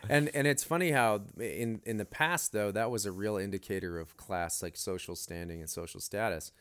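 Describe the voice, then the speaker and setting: A man's voice: lowish voice, normal speed, fairly bright tone, clean tone. A man co-hosting a church podcast, telling stories with enthusiasm in casual chat. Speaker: podcast co-host.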